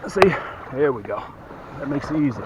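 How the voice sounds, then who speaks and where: A man's voice: mid-range voice, expressive, normal speed, very noisy. A middle-aged man giving a casual, folksy how-to demonstration outdoors, talking straight to viewers and a little out of breath from lifting. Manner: folksy, talks straight to viewers while working. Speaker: boat dealer demonstrating a boat. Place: outdoors by the water.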